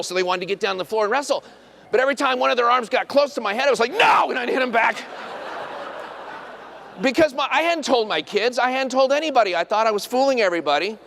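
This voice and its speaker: A middle-aged man, a dentist, telling a funny self-deprecating story on stage and acting out the quotes. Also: vocal fry. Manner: self-deprecating, animated, acts out quotes in high voice. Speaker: dentist and speaker. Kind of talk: humorous storytelling talk.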